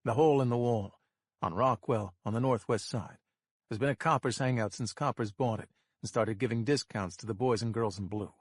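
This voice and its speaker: A man giving scripted audiobook narration in a measured, tense storytelling manner. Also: mid-range voice, no echo, studio quality.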